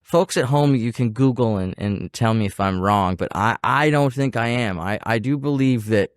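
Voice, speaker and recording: A man with an Ottawa Valley country twang hosting a podcast, a chatty storyteller who talks to his listeners in a casual, animated way. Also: mid-range voice, normal speed, clean tone, no echo, clean studio sound. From Ottawa Valley region, Canada. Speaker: podcast host. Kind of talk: casual interview chat.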